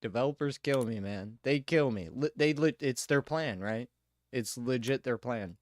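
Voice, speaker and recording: A man streaming a game live, ranting and swearing in casual chat as he plays. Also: medium pitch. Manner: ranting, swearing, quick laughs. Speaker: livestreamer. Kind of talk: casual gaming livestream chat.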